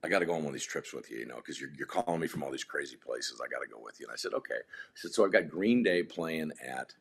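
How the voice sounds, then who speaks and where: A man's voice: extremely low pitch, animated, quick pace, vocal fry, husky. A man telling long rambling anecdotes in casual chat as a podcast guest, with frequent restarts.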